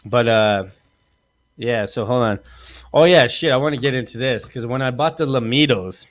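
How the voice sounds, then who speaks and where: A man hosts a loose, crude comedy podcast. He rambles from story to story and swears often. He puts on animated voices when he quotes people. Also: mid-range voice, moderate pace. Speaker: podcast host. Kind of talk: casual crude comedy chat.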